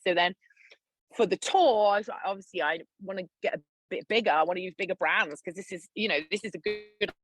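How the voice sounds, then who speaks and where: Lively woman telling her story. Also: on the low side, dry recording, rough recording. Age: 40s. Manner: animated storytelling with laughter and swearing. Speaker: guest. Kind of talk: casual interview chat.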